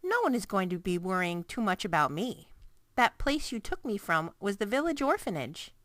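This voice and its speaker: Woman doing a little orphan girl, matter-of-fact, lively voice, very dry recording. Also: medium pitch, normal speed, no echo.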